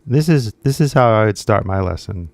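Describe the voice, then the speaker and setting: A man's voice: lowish voice, animated, moderate pace, creaky, a little mellow, dry recording. A young American man, a YouTuber teaching English, talking in a loose, chatty way full of "like" and "right?". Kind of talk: casual rambling lesson to camera.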